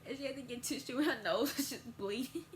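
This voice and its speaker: A woman's voice: quick pace, slight background noise. A teenage girl telling a casual storytime vlog, acting out quoted voices. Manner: casual storytelling, acts out quoted voices with big pitch jumps. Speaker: vlogger.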